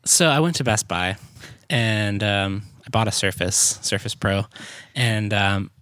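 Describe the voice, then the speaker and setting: A man's voice: on the low side, measured pace, a bit bright, dry recording. A young man telling an amused story in casual chat on a podcast.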